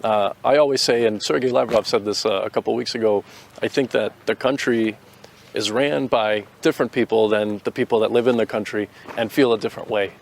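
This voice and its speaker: A man's voice: fairly low pitch, steady tone, a little fast, vocal fry, a little hiss or hum. An American man answering interview questions outdoors, earnest and opinionated, often restarting his sentences. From United States. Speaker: interviewee, volunteer fighter.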